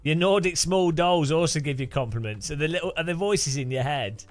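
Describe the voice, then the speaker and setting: A man's voice: on the high side, brisk, soft background music. A man streaming sim racing, chatting casually and rambling with chuckles while answering his chat.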